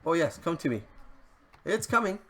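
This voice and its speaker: A man's voice: on the high side, very animated, normal speed, bright, forceful tone. A man hosting a let's play, giving chatty gameplay commentary and talking to the game as he plays. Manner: chatty, easily frustrated, talks to the game.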